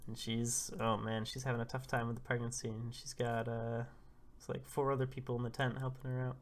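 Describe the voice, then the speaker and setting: A man's voice: medium pitch, brisk. A man casually narrating a comic chapter live, reacting and laughing as he goes. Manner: animated, laughs often, blurts out reactions. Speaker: comic readthrough host.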